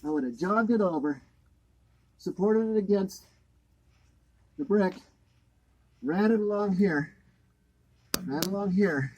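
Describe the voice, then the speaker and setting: A man's voice: high-pitched, lively intonation, slow pace, pauses often, a little mellow, breathy edge, highs cut off. A man ranting with sarcasm and anger while crawling under a home to point out a botched installation. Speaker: homeowner inspecting a botched install. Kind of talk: annoyed walkthrough vlog.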